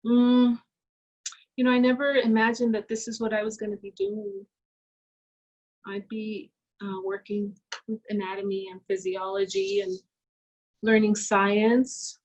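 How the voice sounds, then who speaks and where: A woman's voice: mid-range voice, little pitch movement, unhurried, pauses often, poor audio. A woman art instructor talking casually while she draws, musing aloud with fillers. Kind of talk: casual talk while drawing.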